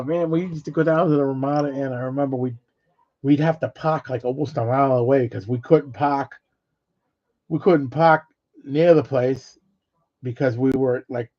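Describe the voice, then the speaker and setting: A middle-aged man rambles through old memories in casual talk, cursing freely and chuckling now and then. His voice is dark and mellow at a middling pitch. The audio sounds dull and lo-fi. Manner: rambling, swears freely, laughs between stories. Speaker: vlogger.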